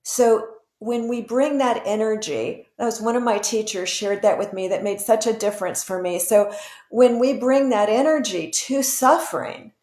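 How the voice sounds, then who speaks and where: A woman's voice: on the high side, normal speed, darkish tone, roomy sound. A woman guest expert in an interview, explaining earnestly with examples.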